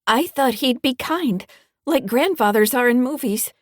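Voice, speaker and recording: A woman's voice: high-pitched, expressive, unhurried, no room sound, voice pushed up. A woman narrating an audiobook as a frightened teenage granddaughter, shaky and pleading, in a dry close recording. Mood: tense.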